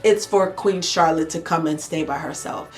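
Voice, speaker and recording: A woman's voice: sits low, moderate pace, soft background music. A woman, recapping a TV episode in a chatty, slangy, playful way. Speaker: reaction channel host. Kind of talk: casual show recap.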